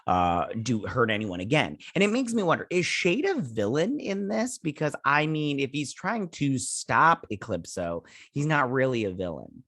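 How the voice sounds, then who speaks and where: A man hosting a show, chatting casually as he recaps and reviews a TV episode and slips into quick voices for the characters. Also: medium pitch, sing-song, fairly bright tone, dry recording, clean studio sound. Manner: retells scenes with quick offhand impressions; chatty with frequent fillers. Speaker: show host.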